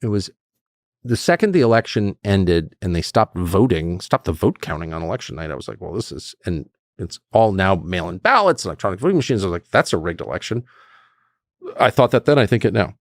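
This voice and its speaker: Gravelly guy in his 50s ranting in an interview, voice swings high and low, flips from outbursts to mutters. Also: fairly quick, dry recording, studio quality. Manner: animated, acts out quoted speech, swings between outbursts and muttered asides. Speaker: interview guest. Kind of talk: candid interview conversation.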